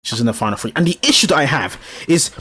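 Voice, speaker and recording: A man hosting a casual podcast chat, swearing freely and getting excitable as he retells things. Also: mid-range voice, fast talker, husky. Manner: swearing, excitable, acts out shouted quotes. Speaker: podcast host.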